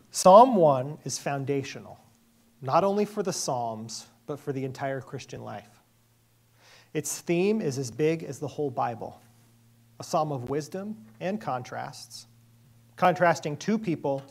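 Earnest male pastor preaching. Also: fairly high pitch. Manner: earnest, measured preaching with emphatic pauses. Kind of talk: sermon.

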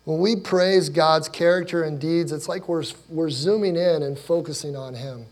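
A man's voice: a little high, normal speed. A man in his forties, a pastor from Ohio, giving a conversational sermon built on personal stories and questions to the congregation. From Ohio, USA. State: choked up with emotion.

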